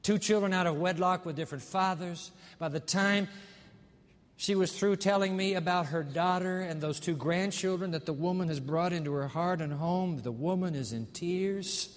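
A man preaches in a somewhat high voice, and his words ring out with a long hall reverb. He tells his story dramatically and slows right down on the moments that matter. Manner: dramatic storytelling, slowing down for emphasis. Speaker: pastor. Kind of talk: sermon.

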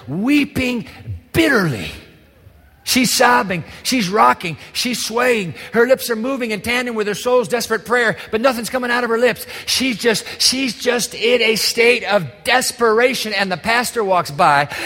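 A pastor with a high, slightly bright voice preaches an impassioned sermon, pleading with listeners and firing rhetorical questions at them. The long reverb of a large hall surrounds him.

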